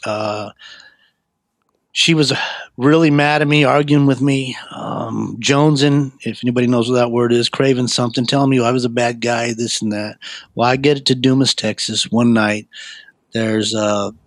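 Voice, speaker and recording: A man's voice: moderate pace, no room sound. Middle-aged man telling a rambling life story. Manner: animated, acts out quoted voices with a raised pitch; rambling, with frequent fillers and restarts. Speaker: guest sharing his life story. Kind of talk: personal storytelling.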